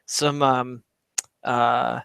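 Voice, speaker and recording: A man with a bright, smooth voice, teasing his co-host in a wry, playful way. He steers the chat with questions. The sound is close and dry. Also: mid-range voice, flat delivery, drawn-out words, no room sound. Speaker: podcast co-host. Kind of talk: casual sports podcast chat.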